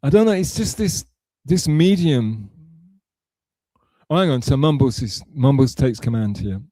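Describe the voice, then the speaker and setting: A man's voice: medium pitch, lively intonation, unhurried, dark tone, no room sound. A man hosting a live stream, chatting casually and rambling as he answers messages from his chat aloud. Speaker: livestream host reading chat.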